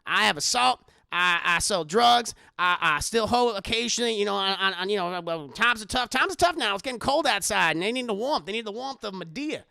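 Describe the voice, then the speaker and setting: A man putting on a loud, sassy old woman. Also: high-pitched, expressive, brisk, creaky, few pauses, no echo, studio quality, full character voice. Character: brash foul-mouthed old woman.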